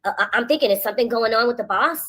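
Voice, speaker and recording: A woman co-hosting a casual commentary stream, telling stories in an animated, indignant way. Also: fairly high pitch, rapid-fire. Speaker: co-host.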